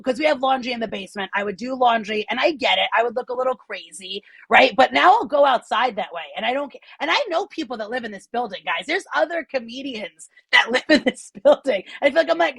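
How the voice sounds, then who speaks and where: A woman comedian doing animated, self-deprecating stand-up from home over a video call on her phone. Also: high-pitched, gravelly, slightly rough, no echo.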